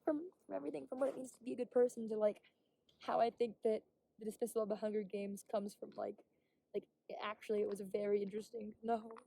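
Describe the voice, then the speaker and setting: This casual vlog monologue comes from a young woman out on a hiking trail who rambles openly, swears frequently, and at times whispers. Her medium-pitched voice is steady, fast, creaky, and mellow.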